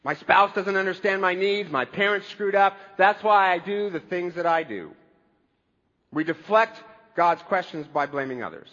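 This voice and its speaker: A man's voice: high voice, lively intonation, normal speed, a bit bright, long reverb tail, highs cut off. A man preaching a conversational sermon as a pastor, with wry humor.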